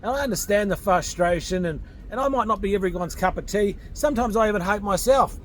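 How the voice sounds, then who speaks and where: A man's voice: high voice, fast, a little hiss or hum. An Australian man in his forties giving a blunt, combative vlog rant to camera from his home in Thailand, swearing freely and speaking off the cuff. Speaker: vlogger.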